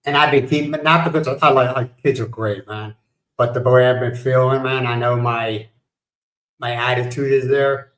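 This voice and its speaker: A middle-aged man talking casually on a livestream, spinning stories and laughing at his own jokes. His voice sits at an everyday pitch for a man. The room around him rings with echo. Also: fairly even intonation, normal speed, fairly bright tone. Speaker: livestream host. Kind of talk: casual chat.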